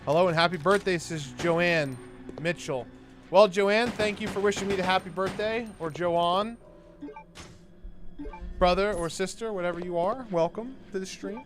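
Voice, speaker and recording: A man's voice: sits high, normal speed, soft background music. Chatty young man hosting a game stream. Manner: chatty, reads out viewer messages. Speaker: livestream co-host. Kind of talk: casual gaming livestream chat.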